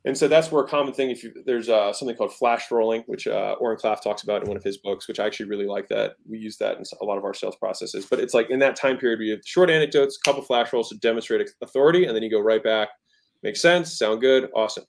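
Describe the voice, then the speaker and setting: A man with a fairly low, gravelly voice talks fast as a guest entrepreneur in a casual interview, teaching sales. He's emphatic, constantly checking in with "right?", and acts out tones of voice to make his points.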